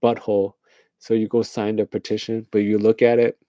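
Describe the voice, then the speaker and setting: A man's voice: on the low side, little pitch movement, fairly quick, dark tone, no room sound, highs cut off. A man hosting a late-night casual rant, rambling along, laughing at his own jokes and acting out little voices. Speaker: host.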